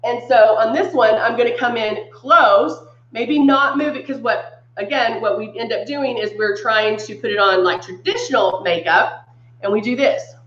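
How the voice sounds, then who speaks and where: Upbeat lady doing a live makeup demo, kinda high voice, roomy echoey sound, bit dull. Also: moderate pace, fairly bright tone, slight background noise. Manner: chatty, upbeat, greets viewers by name. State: congested from sinus trouble. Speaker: makeup brand live-stream host. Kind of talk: live-stream demo, chatting with viewers.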